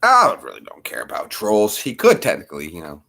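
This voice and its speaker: Casual vlogger, middle-aged American man, lively pitch, rambling and jokey. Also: fairly quick, gravelly. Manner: jokey, slips into silly mock accents.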